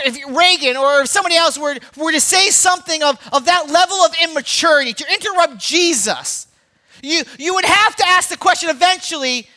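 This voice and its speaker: A man in his thirties preaching a sermon, animated and storytelling, swinging between loud emphasis and hushed asides. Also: very high-pitched. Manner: repeats words, storytelling. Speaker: pastor.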